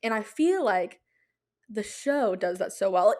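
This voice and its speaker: A young adult woman hosting a podcast in casual chat, talking in an excitable, rambling way with many fillers. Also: mid-range voice, a little slow. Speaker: podcast host.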